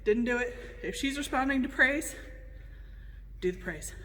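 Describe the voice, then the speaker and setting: A woman demonstrating dog training, explaining steps and calling a dog with high sing-song praise and sharp commands. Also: moderate pace. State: out of breath. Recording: echoey hall, faint noise.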